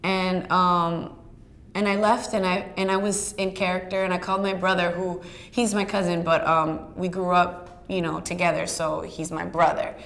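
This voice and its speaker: A woman's voice: on the low side, moderate pace, vocal fry. Chatty woman telling a story. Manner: chatty, animated storyteller with many fillers and laughs. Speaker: actress interviewed about her show role. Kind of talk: casual storytelling interview.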